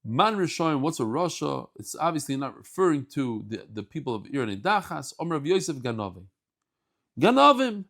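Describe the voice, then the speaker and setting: Animated man teaching Talmud. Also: mid-range voice, a little fast, hardly any pauses. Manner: animated, jokey asides, acts out dialogue. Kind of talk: daily Talmud class.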